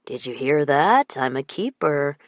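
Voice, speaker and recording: Woman doing a young man, teasing, playful, lowered voice, dry audiobook sound. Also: sing-song, unhurried, no echo, dull audio.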